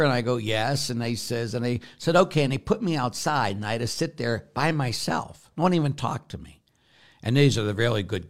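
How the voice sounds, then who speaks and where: A blunt, forceful priest, answering questions in a casual talk. He tells his stories with rambling restarts and plenty of "you know." His voice sits at an ordinary middle pitch for a man. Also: gravelly. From Pittsburgh, United States.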